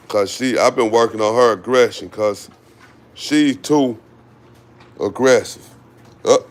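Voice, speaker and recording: A man's voice: on the low side, slight background noise. A man, casually explaining dog training in an outdoor yard while calling commands to his dogs. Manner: slow, relaxed, calls commands to dogs. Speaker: dog owner vlogger.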